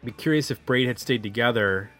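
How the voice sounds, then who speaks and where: A man's voice: medium pitch, quick pace, pushed and bright, faint music behind. A man co-hosting an album review podcast, chatting casually with some hesitant fillers. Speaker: podcast co-host.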